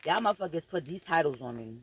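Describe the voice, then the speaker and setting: A woman's voice: deep voice, animated, fast, slight background noise, low-quality recording. A woman vlogger giving a profane, emphatic and preachy motivational rant straight to her viewers, repeating phrases for emphasis.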